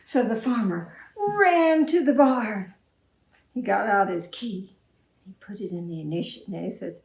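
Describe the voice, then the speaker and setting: A woman librarian reading a story aloud to children in an expressive storytime manner. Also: mid-range voice, measured pace, creaky. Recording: echoey room.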